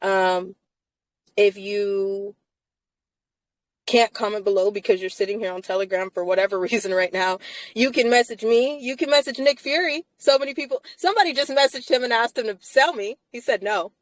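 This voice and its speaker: A woman's voice: mid-range voice, normal speed, no echo, rough recording. A woman hosting a casual live chat from inside a car, talking emphatically and laughing often between phrases.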